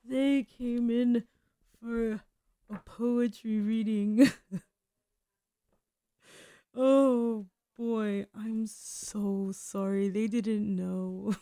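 A young woman hosts a small radio show in a slow, meandering comedic monologue. Her voice sits a little high, and she keeps undercutting herself with nervous, self-deprecating asides and frequent laughs. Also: fairly even intonation, warm tone.

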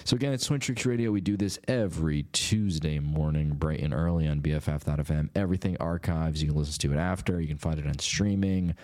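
A man's voice: extremely low pitch, fast, few pauses, darkish tone. A man with a nasal voice hosting a radio show, rambling in a laid-back, chatty way as he wraps up the episode. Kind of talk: casual radio show outro.

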